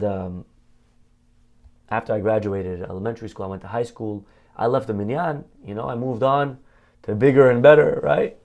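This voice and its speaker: A man's voice: medium pitch, creaky. A man speaking as a rabbi, telling a heartfelt story in a conversational sermon, with many "you know" fillers.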